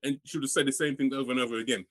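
A man's voice: mid-range voice, steady tone, rapid-fire, fairly bright tone. A man co-hosting a podcast, chatting casually in a blunt way and swearing freely. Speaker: podcast co-host. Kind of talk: casual chat.

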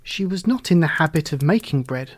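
A storyteller reading a children's tale aloud in a gentle, unhurried manner. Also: mid-range voice, animated.

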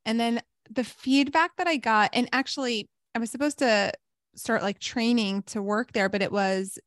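A woman co-hosting a podcast in casual chat, talking in an even, low-key tone full of "like.". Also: normal speed, dry recording, studio quality. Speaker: podcast co-host.

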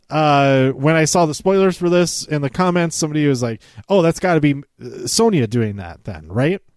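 A man's voice: on the high side, a little mellow, clear, resonant tone, no echo. Chatty man with a dry, close sound. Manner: rambling, with frequent fillers and laughs. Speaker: wrestling show recapper. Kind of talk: casual recap podcast.

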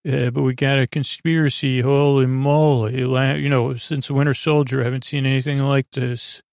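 A man hosting a sleep podcast, giving a rambling, halting recap full of fillers and self-corrections, and paraphrasing dialogue in his own plain voice. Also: medium pitch, flat delivery, gravelly, darkish tone, no echo, studio quality.

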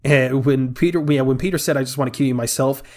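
A man co-hosting a podcast, excitedly retelling movie scenes in casual chat, laughing often and restarting his sentences. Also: mid-range voice, quick pace. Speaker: podcast co-host.

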